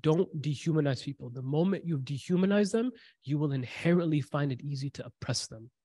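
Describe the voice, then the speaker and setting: A man's voice: on the high side, lively intonation, a little fast, dark tone, no room sound. A man giving a sermon, retelling a story with quoted dialogue and repeated lines for emphasis. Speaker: preacher.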